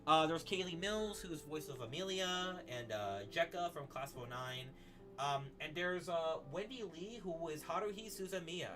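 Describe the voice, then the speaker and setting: A young man chatting casually to his live-stream chat while drawing, excitable and swearing often. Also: a little high, moderate pace, music in the background.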